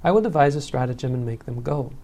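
A man's voice: medium pitch, animated, fast, dark tone. A man voicing a wise young male sage who speaks earnestly and turns commanding when roused. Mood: thoughtful.

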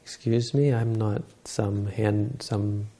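An indignant young wife stands her ground, firm and insistent, as a man puts her on. The voice is low and dark. It stays level, with little rise or fall. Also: steady tone, takes it slowly.

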